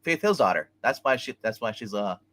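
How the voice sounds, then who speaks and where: Animated man retelling a TV episode. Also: on the low side, a little fast. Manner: animated retelling, acting out scenes, many fillers. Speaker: co-host reviewing a TV episode. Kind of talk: casual review chat.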